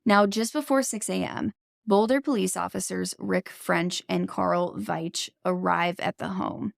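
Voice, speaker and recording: A woman hosts a casual true-crime podcast with a gravelly, fry-laced voice. She talks bluntly, shares strong opinions and swears freely. The recording is dry and close, with no room sound. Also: lowish voice, fairly even intonation, a little slow, dry recording. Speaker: podcast host.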